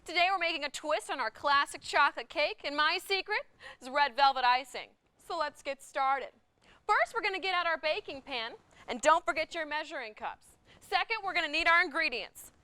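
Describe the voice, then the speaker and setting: A woman's voice: high-pitched, normal speed, pushed and bright, no echo. A woman playing a cheery cooking show host who grows frazzled and snaps at her crew. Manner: cheery then exasperated, scolding crew. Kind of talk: sketch comedy acting. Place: TV studio set.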